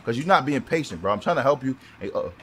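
A man giving loud, profane, excitable commentary over his car game, with quick shouted outbursts. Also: mid-range voice. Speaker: gaming YouTuber. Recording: noisy game audio behind the voice.

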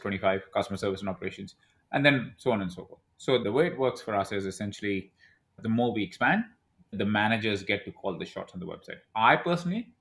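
A man in his thirties telling stories as a podcast guest, acting out what other people said. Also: on the low side. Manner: animated storyteller who acts out quoted dialogue. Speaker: podcast guest, e-commerce brand owner. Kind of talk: casual interview talk.

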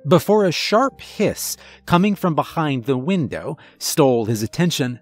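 A man narrating a first-person horror story in a measured, dramatic storytelling manner. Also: on the high side, sing-song, faint music behind.

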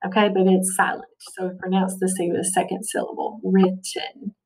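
A woman's voice: lowish voice, monotone, quick pace, darkish tone, far from the mic, rough recording. A woman teacher giving a recorded phonics lesson, patient and checking in with "okay" often.

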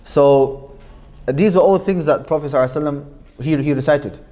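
A man's voice: a little high, quick pace, mellow. Manchester guy teaching a class, chatty, says things twice, keeps asking the room "okay?". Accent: Manchester English. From Manchester, England. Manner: conversational, repeats points, checks in with the class. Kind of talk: informal classroom lesson.

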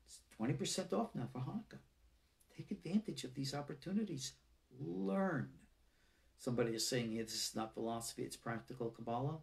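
Gravelly, emphatic man lecturing. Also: on the high side, animated, brisk. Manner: earnest, emphatic, exhorting. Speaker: rabbi teaching an online class. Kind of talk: live-streamed lecture.

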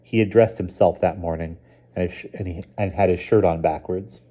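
A man reading a children's novel aloud in a calm, even narrating voice. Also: deep voice, fairly quick, muffled recording. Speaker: reader. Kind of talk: storybook narration.

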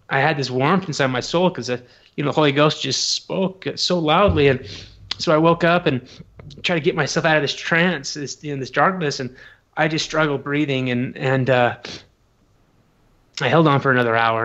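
A man speaking at a mid-range pitch shares a heartfelt personal testimony in an interview, earnest and halting, often circling back to restart a thought. The recording sounds dull and lo-fi, with the top end missing. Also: a bit bright. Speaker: podcast guest.

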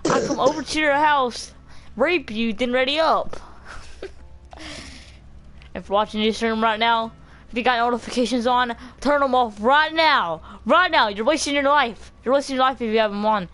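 A woman streaming a video game live, talking casually in a loud, crude, teasing way with lots of laughter. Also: on the high side, moderate pace, poor audio.

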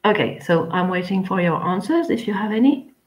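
A woman teaching an English class online, chatty and rambling, with frequent pauses as she talks to her students. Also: medium pitch, animated, low-quality recording.

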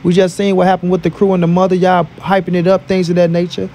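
A man's voice: high-pitched, completely flat delivery, fast, mellow. A man from St. Louis giving casual boxing commentary as a vlogger, with emphatic, repetitive, profane trash talk. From St. Louis, USA.

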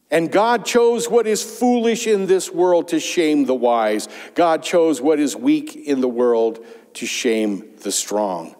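A man preaching a sermon as pastor, telling a parable with lively emphasis. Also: high voice. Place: church sanctuary. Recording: long church reverb.

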